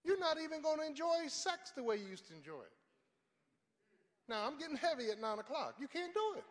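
An older man preaching a sermon, telling stories from his life and rising to fervent shouts. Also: very high-pitched, very animated, fairly quick, in a large hall. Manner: storytelling, builds to fervent shouting.

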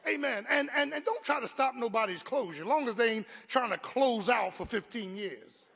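A man preaching a sermon as pastor, with call-and-response lines, swinging from quiet talk to shouted peaks. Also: extremely high pitch, animated, moderate pace, vocal fry, husky, in a large hall.

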